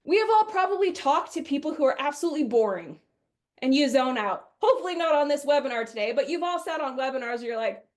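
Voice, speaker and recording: Leading a sales training webinar, this high-voiced, middle-aged Wisconsin woman speaks quickly. She keeps things lively and conversational, often breaking into quotes from her customers.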